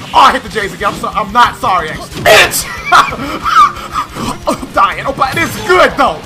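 A young man with a very high voice talks over a video game, bouncing his pitch all over. He trash-talks loudly and keeps breaking into shouts and laughter while game music plays clearly behind him. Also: very animated, brisk. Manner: loud, trash-talking, frequent shouting and laughing. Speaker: gaming commentator. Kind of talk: excitable gameplay commentary.

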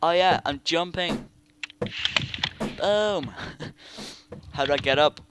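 A young man doing excitable, casual commentary over a game he plays. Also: on the high side, takes it slowly, background noise. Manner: excitable, yelps and laughs at the game. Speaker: gaming YouTuber.

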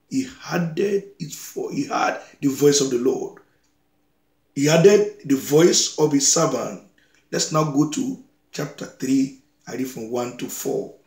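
A man's voice: mid-range voice, roomy sound. A man preaching a sermon, reading scripture aloud and exhorting his listeners with repeated phrases.

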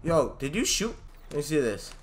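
A man doing loud, jokey gameplay commentary, yelling, swearing and acting scared, with game music underneath. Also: fairly high pitch, big pitch swings, moderate pace. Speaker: gaming YouTuber playing a shooter campaign.

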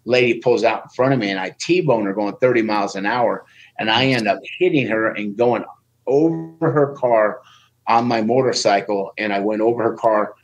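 Guy telling wild stories on a podcast, acts out the quotes louder. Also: fairly low pitch, normal speed, dull audio. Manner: animated, acts out quoted speech in a raised voice. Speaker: guest, Olympic wrestler. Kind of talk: casual podcast storytelling.

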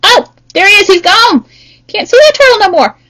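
A woman tutoring young children in math, playful and sing-song with bursts of excitement. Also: very high voice, normal speed, poor audio.

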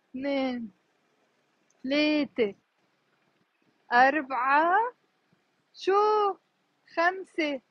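A Lebanese woman teaching Arabic on a live stream while walking down a city street, chatty and repeating each new word slowly. She speaks into a phone held in her hand. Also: high voice, no echo, dull audio. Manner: explains words, repeats each one slowly, chatty asides.

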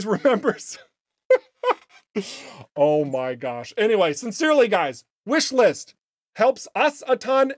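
Slightly raspy streaming host, playful casual chat, mid-pitched voice, dry close mic. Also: dry recording. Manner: playful, chatty and upbeat, with jokey asides. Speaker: game studio livestream host.

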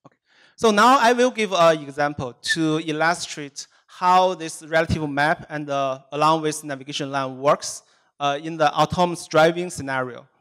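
Clear-voiced man giving a tech talk. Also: fairly high pitch, moderate pace. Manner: steady, methodical explaining. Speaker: software engineer presenting at a tech meetup. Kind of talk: technical presentation. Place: meetup presentation room.

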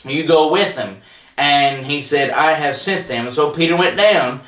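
A man with a somewhat high, fairly bright voice teaches a televised Bible study a little slowly, in a plainspoken, folksy manner with frequent fillers and restarts. The room echoes, and he sits a bit far from the mic.

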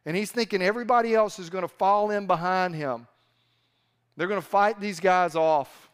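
A male pastor preaching a sermon in an animated, conversational storytelling manner. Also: high voice, moderate pace, smooth.

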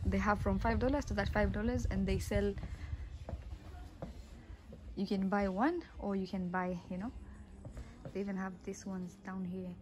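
Woman, casual market vlogger, mid-pitched voice, chatty with fillers, handheld outdoor recording with loud street ambience. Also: steady tone, moderate pace, pauses often. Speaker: vlogger showing shops. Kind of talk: casual walking vlog. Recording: phone vlog with loud street noise. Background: street ambience and traffic.

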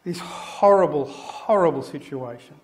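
A middle-aged man, a pastor preaching a sermon and telling an anecdote with animated storytelling. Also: a little high, measured pace. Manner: animated storytelling, acting out the people in his anecdote. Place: church.

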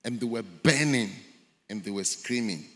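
A pastor preaches a sermon in a large church hall, telling a story dramatically and acting out its voices. His fairly low voice has lively intonation, a moderate pace, and a fairly bright tone, carried by the church's long hall reverb.

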